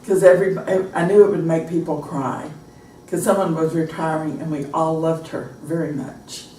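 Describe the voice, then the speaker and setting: A woman's voice: low-pitched, normal speed, far from the mic, a little hiss or hum. An American woman teaching a pronunciation class, telling anecdotes and acting out example phrases. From United States. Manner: animated storytelling, acts out example phrases. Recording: echoey room, recorded from afar.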